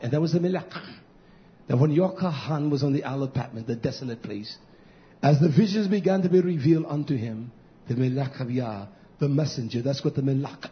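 A male pastor preaching a fiery sermon, swinging from loud shouting to hushed near-whispers and repeating key phrases. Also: mid-range voice, fast talker. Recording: dull lo-fi recording.

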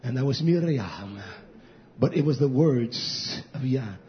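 A male pastor delivering a sermon in an emphatic, repetitive cadence, swinging between shouting and hushed near-whispers. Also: mid-range voice, lively intonation, slow. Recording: dull lo-fi recording.

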